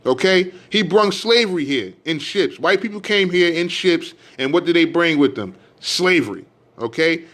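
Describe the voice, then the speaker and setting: A man with a high voice preaching a fiery street sermon. His delivery surges to loud, emphatic peaks, then falls back low to explain a point. When he reads scripture aloud, his cadence slows and grows measured.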